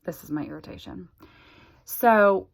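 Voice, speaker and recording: A woman's voice: fairly low pitch, measured pace, creaky. A woman in her forties talking candidly to the camera, chatty and exasperated. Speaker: vlogger sharing a health update. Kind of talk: casual chat to camera.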